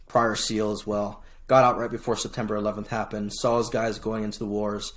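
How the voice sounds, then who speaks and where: A middle-aged man from Hawaii, a podcast guest telling his story in casual, lively chat, often restarting phrases. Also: fairly low pitch, a little fast. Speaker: podcast guest, military veteran.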